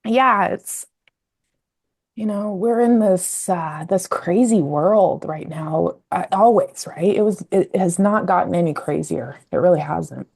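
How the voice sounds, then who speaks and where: A woman in her fifties from Colorado speaks in a low voice. She tells her story in a loose, reflective way, stopping and restarting and growing emotional as she goes. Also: unhurried, vocal fry, a little mellow, slightly rough. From Colorado, USA. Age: 50s. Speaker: podcast guest, communication coach. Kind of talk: casual interview storytelling.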